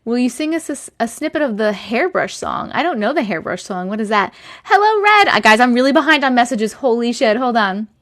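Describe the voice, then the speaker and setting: A woman's voice: fairly high pitch, big pitch swings, fairly quick, fairly bright tone. Chatty woman greeting livestream viewers. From Long Island, New York. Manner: chatty, greets viewers by name with rising lilt. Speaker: TikTok live host. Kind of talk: casual livestream chat.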